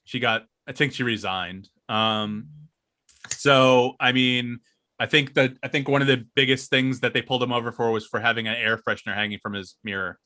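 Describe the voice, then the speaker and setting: Podcast co-host, young man, bright rambling storyteller who laughs a lot. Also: medium pitch, fairly even intonation, normal speed. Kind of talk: casual podcast banter.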